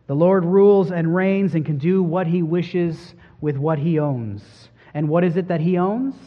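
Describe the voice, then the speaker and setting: High-voiced preacher in a reverberant hall. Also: male voice, measured pace. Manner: preaching with rising emphasis and soft drops. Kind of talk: sermon. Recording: dull sound with long hall reverb.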